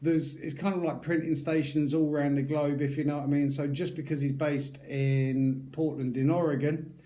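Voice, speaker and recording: Middle-aged British YouTuber with a mellow, relaxed voice; loose and informal, talking through a review. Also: male voice, a little high, moderate pace. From United Kingdom. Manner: chatty, rambling, loose and informal. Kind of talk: casual product review.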